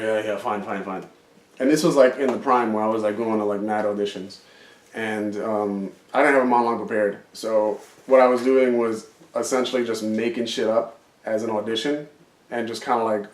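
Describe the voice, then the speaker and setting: A low-voiced new guy co-hosting a podcast tells stories in casual chat, rambling with lots of fillers and swearing. The recording sounds roomy, as if the mic were distant.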